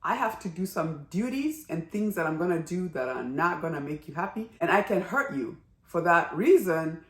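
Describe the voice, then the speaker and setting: Animated woman reviewing a drama. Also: on the low side, normal speed, echoey room. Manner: animated, exclamatory, chatty. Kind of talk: casual review vlog.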